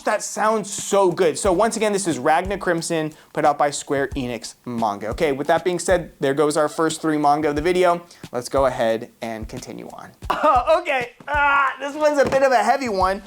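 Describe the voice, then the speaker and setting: A woman hosting a casual unboxing vlog about manga, excitable and exclamatory, with slangy chat to her viewers. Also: fairly low pitch. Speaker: manga reviewer.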